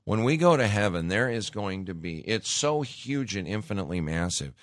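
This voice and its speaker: A man with a lower voice delivers a sermon, alternating scripture reading with emphatic exhortation. The sound is dry and close, with no room around it. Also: big pitch swings, normal speed, dry recording. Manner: emphatic, exhorting, addresses listeners as folks. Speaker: preacher.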